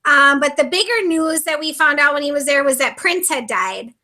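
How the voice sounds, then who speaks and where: A woman from Minnesota, a reality show contestant, chatting casually in an interview and telling stories in a lively way with frequent laughter. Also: sits high, normal speed. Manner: lively storyteller, laughs often.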